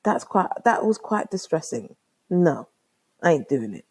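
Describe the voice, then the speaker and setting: A young woman with a London accent talks straight into her podcast in a low, slightly husky voice. Her pitch leaps up and drops away as she tells the story. She uses slang and exclaims, and she acts out each person in the conversation. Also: unhurried. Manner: animated, slangy, exclaiming and acting out both sides of a chat. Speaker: podcast host. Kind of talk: casual storytelling monologue.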